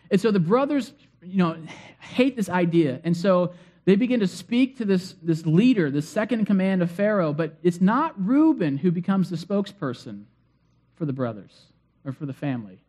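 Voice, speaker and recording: A man's voice: sits high, dark tone. A man preaching a sermon and retelling a story in a conversational way, acting out the figures' lines. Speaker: pastor.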